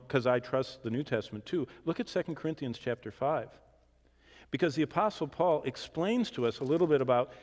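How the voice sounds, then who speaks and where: A man teaching the Bible in a question-and-answer session, swinging from emphatic declarations to hushed asides. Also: a little high. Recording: long reverb of a large hall.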